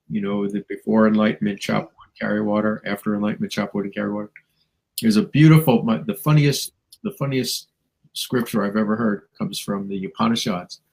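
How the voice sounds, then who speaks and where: A man's voice: fairly low pitch, gravelly, breathy edge, low-quality recording. A man, a spiritual teacher and guest, musing reflectively in a talk show conversation, with chuckles and playful asides.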